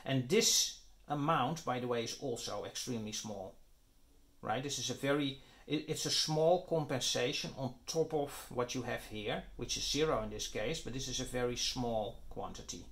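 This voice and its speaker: A man's voice: medium pitch, moderate pace, a bit bright. A man lecturing on physics, explaining his derivation step by step and often checking in with "right?" and "okay?". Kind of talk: explaining at a whiteboard.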